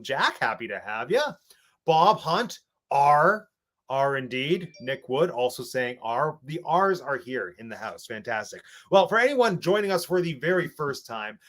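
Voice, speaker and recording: A man's voice: a little high, a bit bright. Playful English man hosting a live stream. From England. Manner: playful, jokey, reads chat aloud. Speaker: host. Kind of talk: casual live-stream chat.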